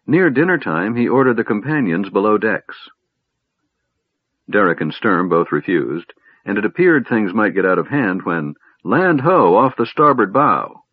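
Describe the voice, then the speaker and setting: A man reads a fantasy novel aloud in a measured, dramatic way, his voice low and husky. The recording is dry and dull, with a lo-fi quality. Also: sing-song, dry recording. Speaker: audiobook narrator. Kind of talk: scripted fantasy narration.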